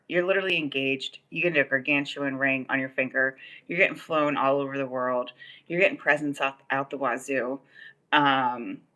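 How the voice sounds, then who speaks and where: A woman with a bass voice and a sharp tone hosts a casual livestream in the Los Angeles area. She tells a long personal story in a rambling manner, heavy with fillers such as "like" and "um."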